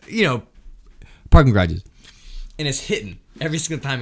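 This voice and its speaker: A man's voice: mid-range voice, a little fast. A man telling a rowdy story casually, laughing often and peppering it with swearing. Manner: animated, laughs often, swears and says "freaking".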